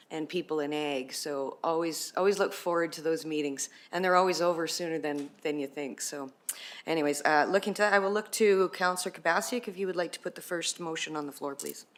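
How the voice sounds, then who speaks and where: A woman's voice: sits low, normal speed. A woman chairing a council committee meeting, speaking in a friendly, informal way.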